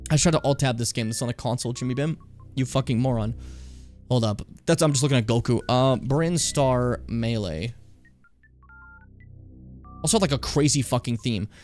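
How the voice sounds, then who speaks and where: Animated swearing male game streamer. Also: medium pitch. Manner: animated, profane, rambling. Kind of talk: casual live-stream commentary.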